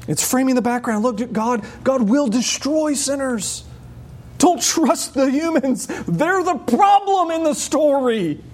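Male preacher, high tenor, lively verse-by-verse sermon with playful voices. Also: slow pace, a little hiss or hum. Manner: animated, acting out voices with sudden high squeals. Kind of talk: expository sermon.

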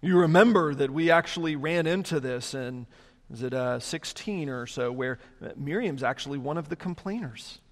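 A man preaching a sermon, animated, now and then putting on mocking voices for complainers. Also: fairly high pitch, moderate pace. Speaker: pastor. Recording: long hall reverb.

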